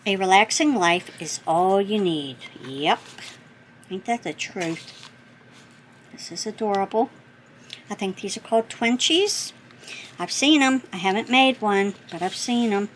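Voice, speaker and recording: Slow-talking, gushing woman crafter. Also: medium pitch, a bit bright, a little hiss or hum, poor audio. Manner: chatty, gushing, thinks aloud and corrects herself. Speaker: craft channel host. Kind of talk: casual chat opening happy mail.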